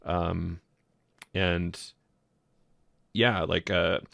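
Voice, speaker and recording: Deep, gravelly man hosting a podcast. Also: flat delivery, fairly bright tone, dry recording, muffled recording. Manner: slow, thoughtful, lots of fillers. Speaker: podcast host. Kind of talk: casual interview talk.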